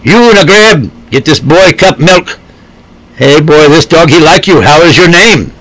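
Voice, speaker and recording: A man's voice: on the high side, lively intonation, a little slow, a bit bright, dry recording, poor audio. A man reading a storybook, putting on a kind old woman who speaks broken, heavily accented English. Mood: soothing. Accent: foreign-accented broken English. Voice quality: thick-accented, simple broken phrasing.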